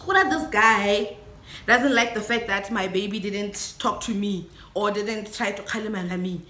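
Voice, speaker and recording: A woman's voice: mid-range voice, normal speed, pushed and bright. A young woman from Botswana, speaking English with a Botswana accent, tells a storytime vlog. She switches between English and Setswana and laughs often. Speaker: vlogger. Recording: echoey room.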